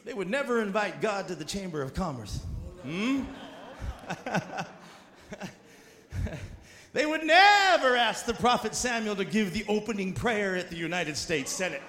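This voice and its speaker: A man preaching a sermon in a church, fervent and often shouting. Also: high voice, lively intonation, measured pace, pauses often, roomy sound.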